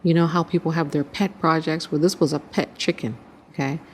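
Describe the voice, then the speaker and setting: A woman's voice: low-pitched, steady tone, brisk, darkish tone, slight background noise. A woman hosting her channel, earnestly recounting a dream as spiritual testimony and acting out the voices in it. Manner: earnest storytelling, acts out quoted voices.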